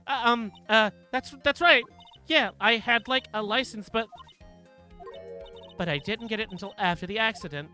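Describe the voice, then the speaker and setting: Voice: medium pitch, moderate pace, pauses often, sharp tone, soft background music, pitched above the performer's own voice, lightly acted. A streamer voicing a ditzy valley-girl young woman from a courtroom game, filling every sentence with "like". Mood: flustered. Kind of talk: reading game dialogue aloud.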